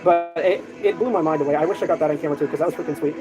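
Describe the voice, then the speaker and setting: A man's voice: on the high side, very fast, poor audio. Chatty man telling stories over music. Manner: animated storytelling with many fillers and restarts. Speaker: streamer. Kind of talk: casual chat.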